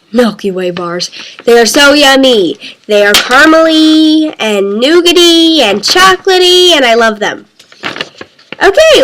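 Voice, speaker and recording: A woman's voice: high voice, a bit bright, a little hiss or hum. A young female vlogger answering a casual question tag in a playful, giggly way. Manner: playful, giggly, drawn-out words.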